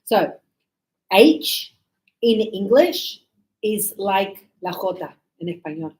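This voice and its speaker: A woman teaching an English grammar lesson to a class, speaking slowly and deliberately and sounding out words for her students. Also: mid-range voice, expressive, a little mellow. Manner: slow, deliberate, models pronunciation.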